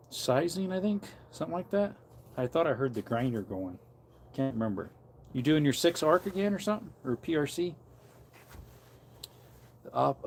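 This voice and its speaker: A man's voice: on the high side, darkish tone. A man who preaches, chatting casually on a livestream from an outdoor porch and wandering between topics as he reads comments aloud.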